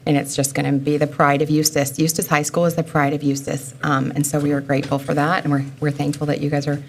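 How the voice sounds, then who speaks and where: A woman's voice: sits low, level tone, fast, a little hiss or hum. A woman school board member giving earnest, personal remarks at a public meeting.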